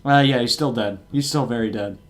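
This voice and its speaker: A man's voice: mid-range voice, fairly quick. A man narrating a tabletop game as game master, stopping often to restart his sentences. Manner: hesitant, many fillers and restarts.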